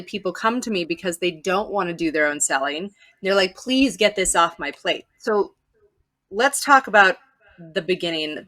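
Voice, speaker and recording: A woman's voice: on the low side, pushed and bright. A woman sales coach, a guest on a talk show, speaking with enthusiastic, emphatic passion. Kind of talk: conversational interview.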